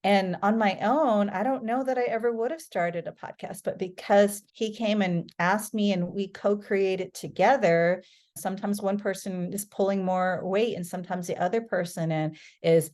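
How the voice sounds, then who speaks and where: A middle-aged woman chats as a podcast guest and tells her story in an easy, conversational way. She is lively and animated and jumps into quoted voices. Her voice sits at a middle pitch. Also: normal speed.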